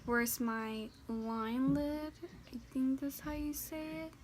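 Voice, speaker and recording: A woman narrating a makeup tutorial step by step, soft-spoken and often dropping to a whisper. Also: high voice, slow, a little hiss or hum. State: teary-eyed from a poked eye.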